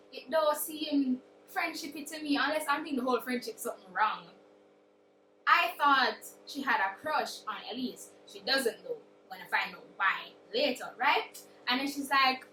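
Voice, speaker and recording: A woman's voice: sits high, a bit bright, slight background noise. A young woman, chatting through a dramatic, casual book recap. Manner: chatty, dramatic retelling with acted quotes. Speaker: book vlogger. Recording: roomy echo, distant mic.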